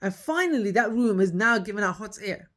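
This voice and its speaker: A woman's voice: medium pitch, animated, fairly quick, a bit bright. A woman, telling her own story in a casual podcast monologue. She talks emphatically, repeats her key points, and acts out the dialogue.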